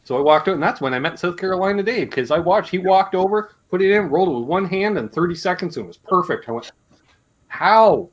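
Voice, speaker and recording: A Canadian man hosting a casual live chat, telling animated stories and swearing freely. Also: high-pitched, fast, hardly any pauses. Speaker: host.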